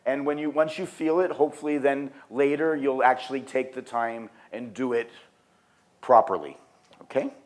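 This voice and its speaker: A man giving a live design workshop talk, casual and animated, telling stories with frequent fillers. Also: medium pitch, normal speed. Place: conference venue.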